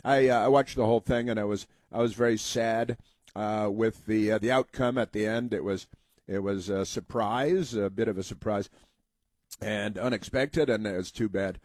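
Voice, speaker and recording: A man's voice: lowish voice, normal speed, darkish tone, no echo. An American man hosting a political talk show, rambling with many fillers and mocking put-on voices. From United States. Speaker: talk radio host.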